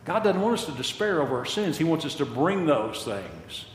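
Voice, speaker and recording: A man's voice: mid-range voice, very animated, moderate pace, a little hiss or hum. An older man preaching a sermon with passion, repeating phrases for emphasis, recorded in a large church hall. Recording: echoey hall with long reverb.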